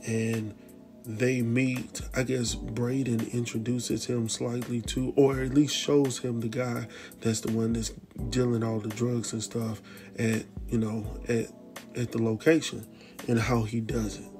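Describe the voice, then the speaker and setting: A man casually recapping a TV drama episode, animated and slangy, speaking straight to his viewers. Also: mid-range voice, measured pace, over music. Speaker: TV recap host.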